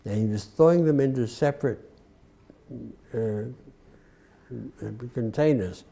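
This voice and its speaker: A man in his nineties with a Southern US accent, being interviewed and telling an unhurried story with dry humor. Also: mid-range voice, dark tone. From Atlanta, US South. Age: 90s. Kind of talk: recounting a war memory.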